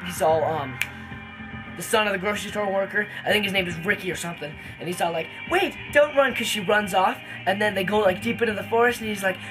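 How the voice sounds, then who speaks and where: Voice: mid-range voice, quick pace, over music, low-quality recording. A casual movie reviewer retelling a plot in a rambling way, full of fillers and restarts.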